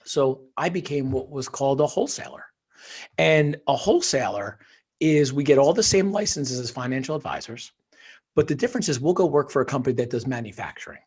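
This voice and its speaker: A middle-aged man from northern New Jersey, a guest telling his life story in an animated, emphatic motivational way. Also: mid-range voice, fairly quick, husky. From northern New Jersey, USA. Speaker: podcast guest, author and financial wholesaler. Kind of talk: casual storytelling interview.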